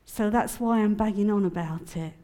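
A woman addresses a prayer conference in a medium-pitched voice, telling her own story and teaching from it. She is chatty and expressive and breaks into laughter easily. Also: normal speed. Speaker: conference speaker. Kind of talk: personal testimony and teaching.

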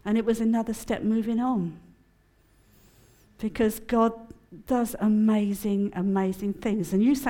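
A woman's voice: medium pitch, steady tone, unhurried, warm tone. A middle-aged woman gives an emotional, testimony-style sermon at a prayer conference, often laughing as she speaks.

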